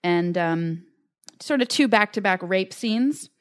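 A woman's voice: mid-range voice, animated, slow pace, clear, resonant tone, dry recording. A woman co-hosting a podcast, casually recapping an episode and acting out quotes between fillers. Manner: recounts scenes with acted-out quotes, many fillers. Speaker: podcast co-host.

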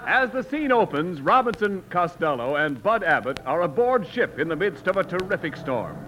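A male announcer sets the scene in scripted narration, his pitch high and swinging widely. He reads in an even, steady way. Heavy hiss from a 1940s radio broadcast runs under it. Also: normal speed.

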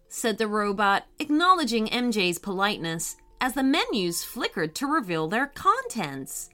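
A woman narrating a children's story in a gentle, expressive read-aloud way. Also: on the high side, a little slow, few pauses, faint music behind.

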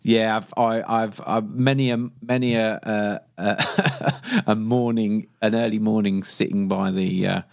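A man's voice: fairly low pitch, flat delivery, a little slow, creaky. A middle-aged man hosting a podcast, chatting casually with hesitant restarts. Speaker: podcast host. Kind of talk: casual chat.

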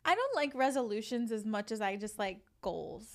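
A woman's voice: fairly high pitch, sing-song, normal speed. A woman co-hosting a podcast, chatting casually, laughing often and talking in loose, filler-heavy sentences. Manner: giggly, chatty, lots of fillers. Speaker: podcast co-host. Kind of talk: casual chat.

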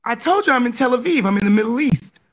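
A woman from Los Angeles hosting a casual live podcast, excitable and teasing, laughing often. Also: a little high, fast talker. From Los Angeles, USA. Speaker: podcast host.

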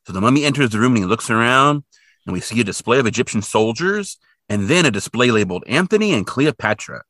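Talking fast in a medium-pitched voice, this podcast co-host runs through a cartoon episode in casual chat, performing parts of the plot as he goes. The recording is clean studio audio without echo.

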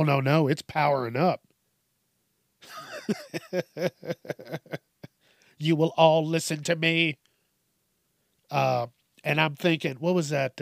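A man's voice: mid-range voice, vocal fry, dry recording, clean studio sound. A man hosting casual comedic news commentary, swearing often, laughing and riffing on stories.

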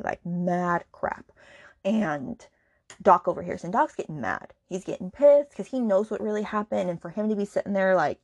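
A woman's voice: fairly low pitch, no echo, studio quality. A woman hosting a podcast, talking through a book in a casual, indignant and sarcastic rant, with many asides to the listener. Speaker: podcast host.

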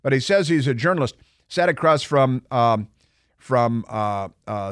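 A man's voice: mid-range voice, measured pace, a bit bright, no echo. A man hosting a talk radio show, delivering a sarcastic, mocking opinion monologue full of rhetorical questions into a studio microphone.

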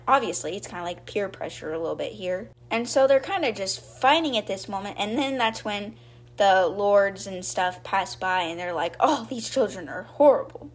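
Casting: young woman, chatty storyteller recap, slips into quick character voices, everyday pitch. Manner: chatty, acts out quotes in brief voices. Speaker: podcast host retelling a book.

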